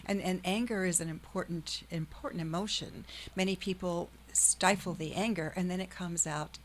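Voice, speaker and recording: Calm woman hosting a chat, kinda low voice, slight hiss behind her. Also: moderate pace. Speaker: podcast host, hypnosis practitioner. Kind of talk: conversational interview.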